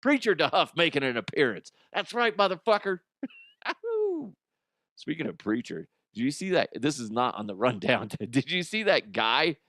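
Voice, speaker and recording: A man's voice: mid-range voice, big pitch swings, normal speed, few pauses, fairly bright tone, dry recording. A man hosting a comedic news podcast, ranting about odd stories with profane, laughing commentary into a close microphone. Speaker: podcast host.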